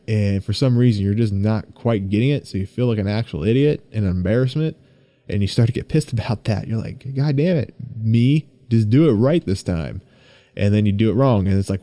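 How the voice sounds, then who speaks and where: A young man hosting his own podcast, chatting casually and excitably, rambling and swearing freely. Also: medium pitch, no echo. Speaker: podcast host. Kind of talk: casual solo podcast chat.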